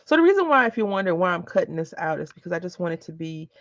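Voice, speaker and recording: A woman's voice: lowish voice, sing-song, very fast. A woman with a chatty, rambling way of talking, telling anecdotes while she works on a craft project in a casual vlog. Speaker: crafting vlogger. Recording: dull lo-fi recording.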